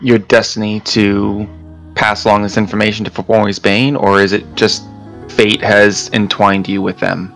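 A measured adult werewolf speaks in formal, slightly old-fashioned phrasing, as a man plays him. His voice is low and flat, with faint music behind. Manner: formal, slightly archaic wording. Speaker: player.

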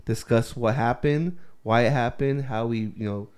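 Man co-hosting a casual talk, loose animated storyteller, salty language. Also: mid-range voice, moderate pace, clean tone. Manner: rambling, swears a lot, animated storytelling. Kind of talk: casual chat.

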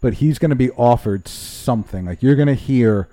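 A man's voice: medium pitch, moderate pace, warm tone, no room sound. A man co-hosting a casual sports podcast, blunt, crude and opinionated. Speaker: podcast co-host.

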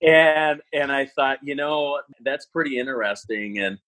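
A man in his forties, a parenting educator, telling stories in an animated, self-deprecating way on an interview. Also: medium pitch, a little slow, rough recording. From Wisconsin, US. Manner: animated, self-deprecating, acts out quoted thoughts. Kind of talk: conversational interview storytelling.

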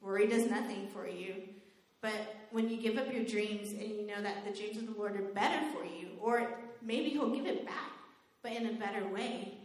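Animated young woman in an echoey room. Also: medium pitch, moderate pace. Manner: animated storytelling, laughs often, says "like" a lot. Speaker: youth speaker. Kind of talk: faith talk with personal stories.

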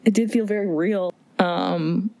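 A woman co-hosting a casual movie chat podcast, chatty and quick to laugh. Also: medium pitch, vocal fry, warm tone. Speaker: podcast co-host.

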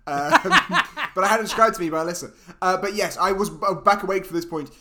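A man co-hosting a podcast, excitable and sweary, going off on quick tangents. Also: sits high. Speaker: podcast co-host. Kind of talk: casual comedic chat.

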